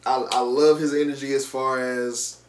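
A man co-hosting a podcast, speaking in a measured, casual way and often restarting his sentences. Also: mid-range voice, flat delivery. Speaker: podcast co-host. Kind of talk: casual chat. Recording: roomy with faint hum.

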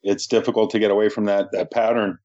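A man co-hosting a podcast, speaking in an easygoing, halting way with many fillers. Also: on the low side, steady tone, a little mellow, lo-fi sound. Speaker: podcast co-host.

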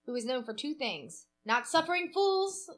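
Woman, podcast co-host, higher voice, blunt and profane in casual chat. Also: sing-song, normal speed. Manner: swears freely, chatty and opinionated.

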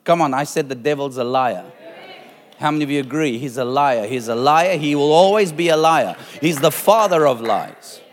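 A middle-aged male pastor preaches a sermon to his congregation in a slightly high voice at normal speed. He hammers each point with repeated phrases and rising force, his words ringing out with a long reverb in the church hall.

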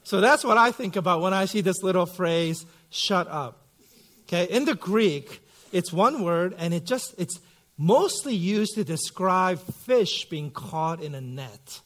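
A man in his thirties, a pastor giving a sermon in a relaxed, conversational storytelling way with lots of fillers. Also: high voice, measured pace. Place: church sanctuary.

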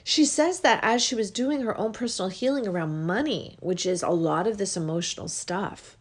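A woman hosting a podcast and leading a guided emotional release, speaking soft repeated affirmations that drift into whispers while she is tearful. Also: medium pitch, normal speed. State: tearful, crying with a running nose. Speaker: podcast host.

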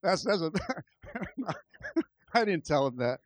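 A man, a pastor, telling a personal testimony in a lively storytelling way, acting out the dialogue. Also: a little high, slow, no echo. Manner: animated, acts out dialogue in his story. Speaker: pastor starting a church.

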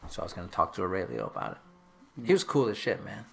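A man's voice: low voice, wildly swooping pitch, fast talker, vocal fry. A man from Texas, a guest author telling a story in a casual chat, wry and self-mocking, often trailing off into laughs.

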